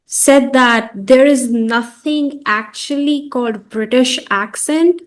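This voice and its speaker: A woman's voice: high-pitched, slow. Woman host asking thoughtful questions. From India. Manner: questioning, hesitant, thinking aloud. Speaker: host and interviewer. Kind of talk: conversational interview.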